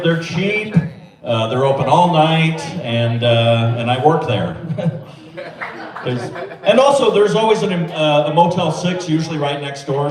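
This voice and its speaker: A man doing a stand-up set with a deadpan, self-deprecating delivery in a small club. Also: a little high, recorded from a distance. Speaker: stand-up comedian. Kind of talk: open-mic stand-up set. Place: small comedy club or bar. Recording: echoey club mic, crowd laughter, from afar.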